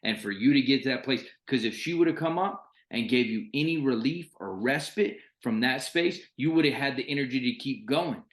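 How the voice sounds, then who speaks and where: A man's voice: mid-range voice, lively intonation, moderate pace, few pauses. A man hosting a podcast, speaking earnestly and affirmingly to his guest. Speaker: podcast host. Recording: roomy echo.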